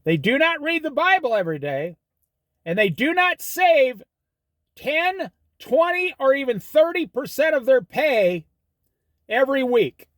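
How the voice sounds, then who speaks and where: Host, middle-aged man, high bouncy voice, folksy sermonizing monologue, dry close sound. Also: big pitch swings, unhurried, a bit bright, no echo. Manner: folksy, preachy advice with storytelling. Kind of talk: casual monologue.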